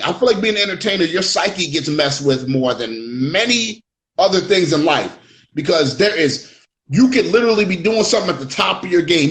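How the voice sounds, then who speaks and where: A man's voice: fairly high pitch, fairly bright tone. A man hosting a casual interview, talking reflectively and repeating words as he builds up to a point. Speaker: host. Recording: echoey room.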